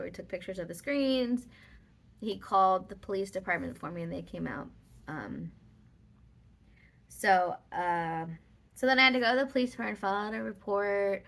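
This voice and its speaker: A woman's voice: mid-range voice, sharp tone. A woman vlogger telling a personal story in casual, rambling talk with many fillers.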